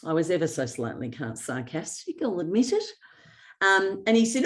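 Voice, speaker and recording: A woman with a notably low voice leads a motivational workshop. She tells personal anecdotes, slips into the voices of the people she quotes and laughs easily. She sounds middle-aged. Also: sing-song, normal speed. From Australia. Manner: storytelling with acted quotes and sarcasm; laughs often. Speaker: workshop presenter.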